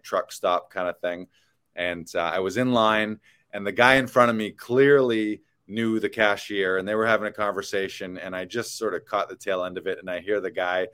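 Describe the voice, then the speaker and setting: Low-voiced Canadian man telling road stories. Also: a bit bright, smooth. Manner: rambling storyteller, many fillers. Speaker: podcast host for actors. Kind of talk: casual chat.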